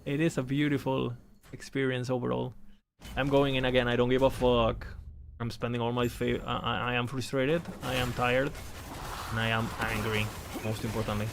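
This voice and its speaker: Gravelly guy streaming a game, goofy and excitable, swears a lot, mid pitch. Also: normal speed, background noise. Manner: animated, playful, swears often. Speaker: gaming streamer. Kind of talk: casual game commentary.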